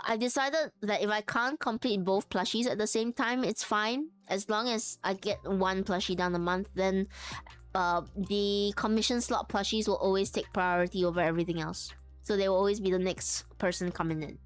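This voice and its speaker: A woman chatting casually while sewing on a live stream, laughing often and greeting her chat by name. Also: mid-range voice.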